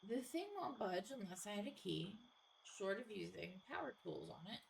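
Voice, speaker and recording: A woman streamer reading a horror game aloud in first person, with casual, expressive asides and the occasional swear. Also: mid-range voice, moderate pace, vocal fry, a little hiss or hum, low-quality recording.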